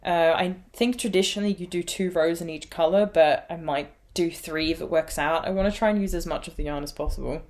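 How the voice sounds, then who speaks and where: A woman's voice: on the low side, a little fast, hardly any pauses, a little mellow. A woman with an Irish accent hosting a knitting podcast, chatting casually in a rambling way and laughing at herself. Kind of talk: casual chat.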